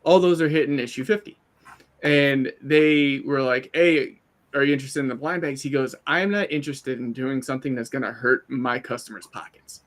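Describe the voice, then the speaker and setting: A man's voice: medium pitch, normal speed. A man co-hosting a casual comics talk stream, telling long stories and quoting people as he goes. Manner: animated storyteller, quotes people in put-on asides. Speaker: co-host. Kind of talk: casual chat.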